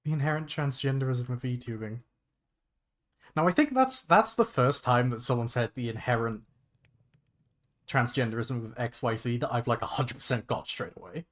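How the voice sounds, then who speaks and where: A young man chatting casually on a livestream while he plays a game, rambling and excitable, swearing freely and restarting his sentences. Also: mid-range voice, normal speed. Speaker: VTuber streamer. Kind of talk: casual gaming livestream chat.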